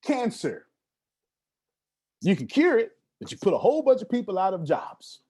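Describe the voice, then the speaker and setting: A man's voice: high voice, sing-song, moderate pace, darkish tone, breathy edge. A man giving an emphatic live seminar talk on money, repeating words for stress and asking his audience questions. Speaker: motivational speaker.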